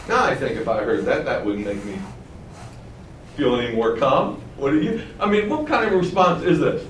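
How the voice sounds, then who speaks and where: Conversational preacher in a roomy hall. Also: male voice, mid-range voice, expressive, moderate pace, a little hiss or hum. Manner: conversational, chuckling asides. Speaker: preacher teaching the Bible. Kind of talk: sermon, Bible teaching. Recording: roomy and distant, faint ambience.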